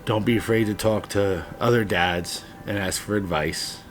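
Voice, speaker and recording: A man's voice: fairly low pitch, moderate pace, soft background music. A man in his late thirties, a father giving heartfelt, earnest advice to other dads, sometimes blunt and swearing. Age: 30s. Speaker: father vlogger. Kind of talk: heartfelt personal monologue.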